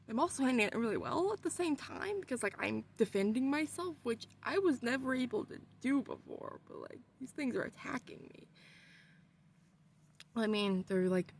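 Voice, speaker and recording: A young adult woman vlogger telling a story in a casual way, with animated delivery and frequent swearing. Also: a little high, gravelly, a little hiss or hum.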